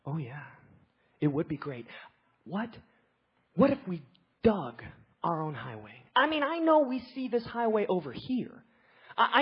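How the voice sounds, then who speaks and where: Woman preacher, husky voice, animated storyteller who drops low then shouts, lo-fi sound. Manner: animated, swings from quiet to shouting. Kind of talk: storytelling sermon. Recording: slightly dull lo-fi recording.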